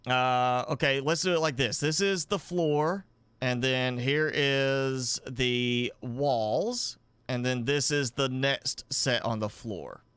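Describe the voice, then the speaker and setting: A man talks through a live game stream at an unhurried pace, working things out aloud, stopping and correcting himself as he goes. His voice is smooth and clear, recorded close and dry at a home desk microphone. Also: mid-range voice, steady tone, a bit bright, dry recording. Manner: thinking aloud, halting and self-correcting. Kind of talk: live gameplay commentary.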